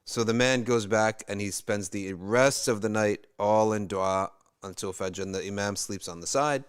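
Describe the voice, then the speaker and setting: A man's voice: on the low side, moderate pace, clean tone. A male religious teacher telling a story in a casual, conversational way, with asides and restarts. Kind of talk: storytelling talk.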